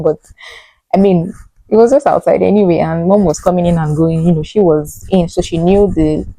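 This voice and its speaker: A young woman with a Nigerian accent, chatting casually as she tells a vlog story with lively, animated asides. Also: lowish voice, gravelly, no echo, poor audio. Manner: chatty, animated retelling with frequent fillers. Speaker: vlogger telling her birth story.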